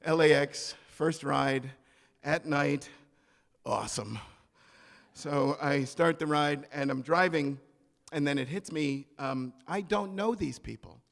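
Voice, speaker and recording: A man telling a story on stage at a live event, animated and comic, acting out the people in it. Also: on the high side, slow pace, gravelly, big-room sound. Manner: animated, comic, acts out quoted voices.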